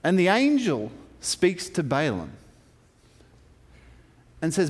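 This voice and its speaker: A man retelling a Bible story in a lively, playful way, with humorous asides. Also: on the high side, takes it slowly, long pauses, slightly rough. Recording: long hall reverb.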